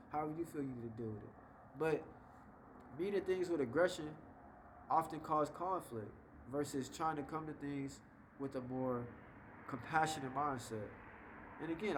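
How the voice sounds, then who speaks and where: Young guy chatting advice to camera, kinda higher voice, faint hiss behind. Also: rough recording. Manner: laid-back, conversational, acts out quick example voices. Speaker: vlogger giving life advice. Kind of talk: casual advice monologue.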